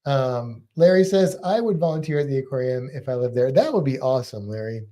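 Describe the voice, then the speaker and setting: A man's voice: mid-range voice, expressive, a little fast, dark tone. An American man co-hosting a casual live stream, chatting and laughing as he answers viewer comments. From United States. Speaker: livestream co-host.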